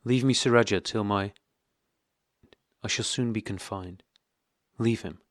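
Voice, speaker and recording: A man reading an audiobook voices a distressed young wife in a soft, pleading, near-whispered manner. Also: on the low side, measured pace, no echo, clean studio sound, natural voice.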